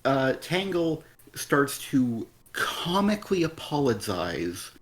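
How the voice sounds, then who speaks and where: A man's voice: mid-range voice, very animated, slow. A man co-hosting a live comic review stream, ranting bluntly and with exasperation, swearing freely. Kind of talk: casual critical chat.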